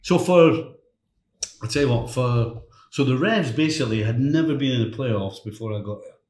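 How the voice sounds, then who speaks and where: A middle-aged man tells stories from his coaching days as a podcast guest. He talks at an ordinary pitch in a casual, lively way and breaks into other people's voices for quotes. The sound has a roomy echo. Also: normal speed. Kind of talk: casual storytelling chat. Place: hotel room podcast set.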